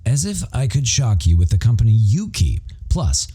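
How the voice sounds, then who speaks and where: A man's voice: mid-range voice, big pitch swings, normal speed, mellow, husky. A man narrating a romance audiobook in first person, wry, profane and self-mocking.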